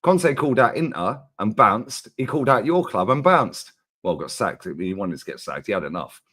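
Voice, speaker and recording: A man co-hosting a casual football chat, ranting in an animated, slangy way. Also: fairly low pitch, moderate pace. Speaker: co-host.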